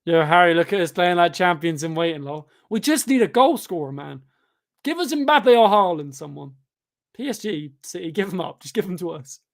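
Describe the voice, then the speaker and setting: A young man, pitched a little above most men, talks through a live football stream while reading chat aloud. He sounds tired and rambles casually, then breaks into excited shouts whenever the match heats up. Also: moderate pace, gravelly. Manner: chatty, bursts of excitement at the game.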